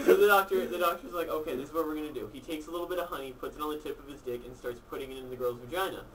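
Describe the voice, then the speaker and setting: A man's voice: a little high, lively intonation, fast talker, bright, forceful tone, a little hiss or hum. Crude man joking, distant mic. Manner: crude, swears, acts out dialogue. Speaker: joke teller. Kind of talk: telling dirty jokes among friends. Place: apartment.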